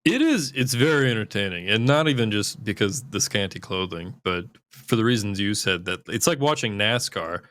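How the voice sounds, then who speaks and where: A man's voice: lowish voice, lively intonation, moderate pace, hardly any pauses, a bit bright, dry recording. A man hosting a podcast, chatting casually in a rambling, profane way with lots of "like". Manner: rambling, profane, heavy use of "like". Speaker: podcast host. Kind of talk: casual chat.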